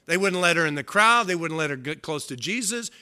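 A man as a pastor giving a sermon in a conversational, folksy storytelling way, swinging between loud emphasis and hushed, low passages. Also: animated, brisk, clean tone.

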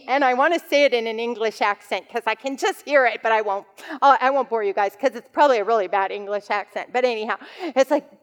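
A woman's voice: a little high, smooth. A woman giving a devotional teaching talk to women, telling stories in a conversational way with fillers. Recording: long hall reverb.

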